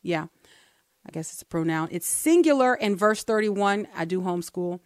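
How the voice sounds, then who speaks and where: A woman co-hosting a Christian talk show, earnestly teaching from the Bible and slowing down to read verses aloud. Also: fairly low pitch, lively intonation, dry recording, clean studio sound. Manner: earnest, explains step by step, slows down to read verses.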